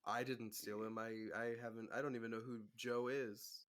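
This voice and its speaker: A man's voice: medium pitch, little pitch movement, normal speed. A man playing a tabletop game, talking defensively and stammering. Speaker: player. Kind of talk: casual tabletop chat.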